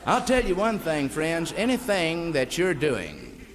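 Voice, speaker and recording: A man's voice: fairly high pitch, wildly swooping pitch, measured pace. A man with a Southern US accent doing a rambling live stand-up monologue, folksy and drawling, calling the crowd beloved. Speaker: stand-up comedian. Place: stage before a live audience. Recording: echoey 1960s live LP recording with hiss.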